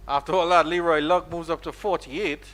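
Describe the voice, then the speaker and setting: A Caribbean man calling a cricket match live, with a bright, forceful voice pitched on the high side. He plays with words and jumps up in pitch when the ball runs to the boundary. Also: fairly even intonation, moderate pace. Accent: Caribbean English. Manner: playful, rises sharply on boundaries. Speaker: cricket commentator.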